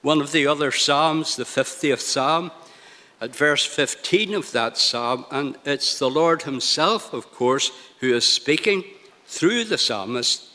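A man preaching a sermon in a slow, deliberate, emphatic way. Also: a little high, lively intonation, sharp tone, long reverb tail.

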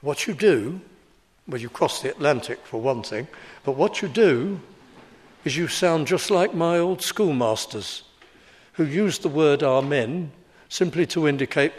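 A man in his seventies preaching a sermon in a slow, deliberate, emphatic way. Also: a little high, animated.

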